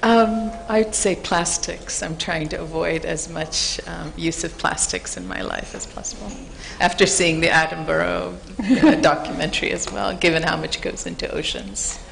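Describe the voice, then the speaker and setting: A woman answering as a panelist, soft-spoken and halting, with filler ums. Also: fairly low pitch, fairly even intonation, vocal fry, slight background noise. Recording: distant reverberant hall.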